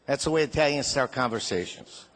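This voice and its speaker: A man's voice: medium pitch, animated, brisk, fairly bright tone, slight background noise. An older man doing a stand-up comedy routine, firing off punchy one-liners and chuckling at his own jokes. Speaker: comedian and show host.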